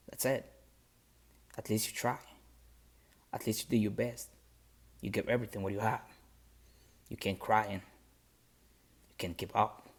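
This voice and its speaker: A man's voice: on the low side, gravelly, husky. A man telling a motivational story on a podcast in earnest, plain-spoken English with non-native grammar.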